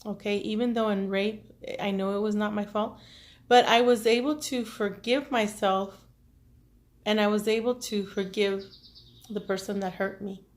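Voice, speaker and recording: A woman with children, speaking to her viewers in an emotional, halting personal monologue as a tarot reader, tearful at times. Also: mid-range voice, fairly even intonation. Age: adult with children. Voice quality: earnest, halting, with many restarts and fillers. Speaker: tarot reader and self-care vlogger.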